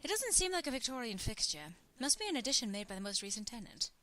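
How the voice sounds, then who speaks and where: A rambling English gentleman thief from a video game, put on by a woman, dry and self-mocking. His put-on English accent wavers, his voice sits high and bright, and his pitch swings widely as he jokes his way through the house. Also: very animated, fast.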